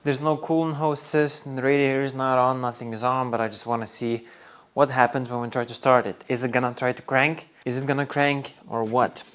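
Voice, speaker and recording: A man's voice: mid-range voice, flat delivery, brisk, fairly bright tone, a little hiss or hum. A man hosting a car restoration video, explaining each step casually while he works in a garage workshop. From Norway.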